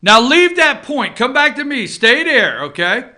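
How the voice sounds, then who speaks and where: A man's voice: very high-pitched, big pitch swings, measured pace, bright, forceful tone. A man hosting a casual opinion show from an office, talking straight to his viewers and checking in with frequent asides. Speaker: host.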